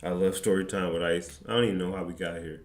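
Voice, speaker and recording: A man's voice: low voice, fairly even intonation, quick pace. A man streamer telling a story in a rambling, profane, joking way. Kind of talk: casual storytelling chat.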